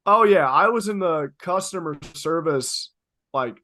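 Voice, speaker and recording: Male podcast co-host, bright and sharp-toned, emphatic, jokey. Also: fairly high pitch, slow pace. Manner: animated, emphatic, playful exaggeration. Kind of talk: casual chat.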